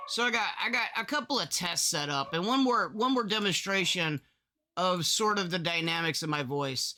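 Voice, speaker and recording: Bright, high-pitched man explaining audio levels. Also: lively intonation, normal speed, a little hiss or hum. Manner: rambling, restarts often, demonstrates his loudness levels. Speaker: content creator explaining audio setup. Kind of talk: casual screen-recorded tutorial.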